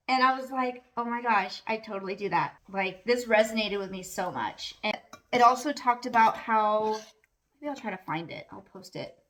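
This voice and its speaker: A woman's voice: medium pitch, fairly bright tone. A middle-aged woman vlogging at home in a candid, casual monologue, earnest and emphatic with lots of "like" fillers.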